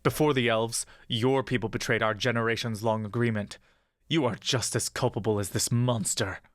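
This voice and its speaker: An actor playing a huge, scarred, tusked warrior who speaks in a gravelly, slow and contemptuous way. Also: male voice, medium pitch, steady tone, dry recording, studio quality, natural voice. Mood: accusing. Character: scarred, tusked male warrior, large, seething and hostile.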